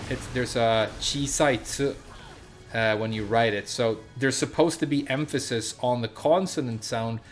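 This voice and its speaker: A man chatting casually on a stream, rambling with lots of fillers and restarts, with a slight S-sound impediment. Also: medium pitch.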